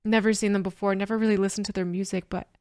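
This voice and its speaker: A woman's voice: mid-range voice, level tone, dry recording. Emotional woman reacting, dry close sound. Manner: overwhelmed and emotional, halting with restarts and soft laughs. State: teary after crying. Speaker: music reaction vlogger. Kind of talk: casual reaction commentary to camera.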